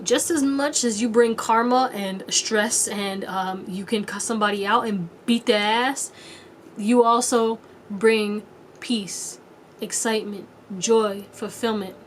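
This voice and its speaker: A chatty woman reads tarot cards in a loose, casual way, laughing often and swearing freely. Her voice sits a little high for a woman. A faint hiss runs under the recording. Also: fairly even intonation, measured pace. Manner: playful high-pitched quoted voices. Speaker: tarot reader. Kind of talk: casual pick-a-card tarot reading.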